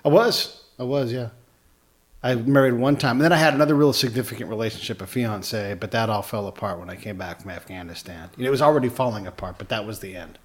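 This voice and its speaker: A man at a middling pitch hosts a relaxed podcast chat. He speaks in an easygoing way and often answers with brief agreement. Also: fast. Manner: easygoing, many short agreeing replies. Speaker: podcast host. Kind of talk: casual chat.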